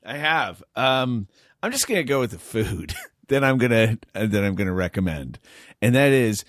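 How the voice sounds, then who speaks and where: A man's voice: medium pitch, lively intonation, normal speed, fairly bright tone, dry recording. A man guest on a podcast, talking casually in an emphatic, playfully over-the-top way, recorded on a studio mic. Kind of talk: casual chat.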